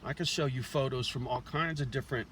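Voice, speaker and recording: A man's voice: medium pitch, fast, heavy background noise. A man vlogging outside his house in a blunt, profane, rambling monologue full of street slang, chewing a toothpick as he talks. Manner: chewing a toothpick while talking. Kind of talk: casual rambling monologue to camera. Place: outside his house while it is being shown.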